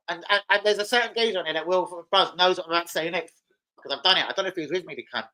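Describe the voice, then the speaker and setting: A man's voice: sits high, very fast, pushed and bright, poor audio. A young man hosting a football livestream, rambling through sweary anecdotes in casual chat. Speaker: football channel host.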